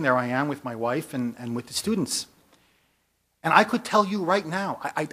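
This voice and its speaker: A man, a magazine editor, telling a story in an emphatic speech to a conference audience, building up to forceful repeated lists. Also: fairly high pitch, husky. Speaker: magazine editor giving a talk. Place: conference hall.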